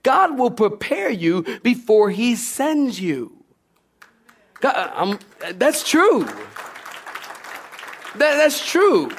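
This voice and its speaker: A male pastor preaching a sermon in a lively, playful way, acting out scenes. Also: very high-pitched, very slow, long pauses, husky, some chatter behind.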